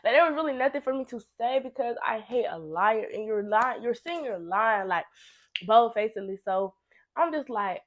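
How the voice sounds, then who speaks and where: A young woman telling a messy personal story to camera, animated and blunt, swearing freely and repeating phrases for emphasis. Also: a little high, moderate pace, lo-fi sound. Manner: animated, blunt and heavily profane, with laughing asides. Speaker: storytime vlogger. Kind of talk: casual storytime monologue.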